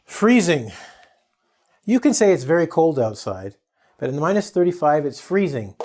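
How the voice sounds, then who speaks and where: A man teaching an English vocabulary lesson in an animated, playful, jokey way. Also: on the high side. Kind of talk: energetic vocabulary lesson to camera.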